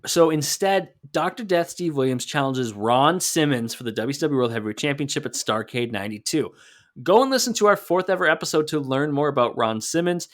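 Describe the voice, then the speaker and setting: A man's voice: fairly high pitch, animated, fairly quick, fairly bright tone. A man co-hosting a wrestling podcast, chatting casually and joking as he recaps matches. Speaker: podcast co-host.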